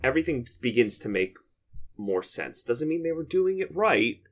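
A man co-hosting a podcast, explaining things casually and in a measured way. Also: medium pitch, sing-song, a bit bright. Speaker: podcast co-host. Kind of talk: casual chat.

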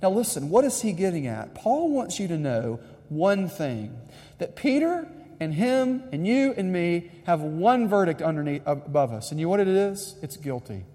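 A man's voice: sits high, big pitch swings, normal speed, warm tone. A man preaching a sermon, emphatic and direct, repeating his key lines to the congregation. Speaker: pastor. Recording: long hall reverb.

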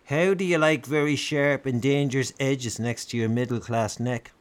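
A man voicing a menacing young skinhead gang leader in a storybook reading, snarling threats in a raised, higher voice. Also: steady tone, normal speed, lightly acted.

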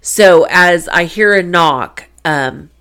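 A middle-aged woman hosts her faith-based show in a casual storytelling monologue. Her voice sits a little low, and she talks in a chatty, animated way, acting out her own reactions as she goes. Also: slow pace, clear, resonant tone.

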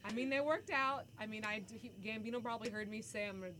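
A young woman telling a story in a casual chat, animated and quick to shout when she acts it out. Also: a little high, heavy background noise. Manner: animated, breaks into loud screams when acting out the story.

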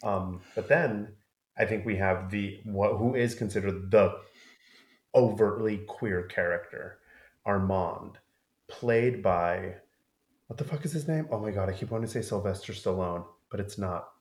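A man co-hosting a podcast, chatting casually about a film and dropping into squeaky voices for quotes. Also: reverberant. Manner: animated, rapid run-on retelling with squeaky quoted voices. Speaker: podcast co-host.

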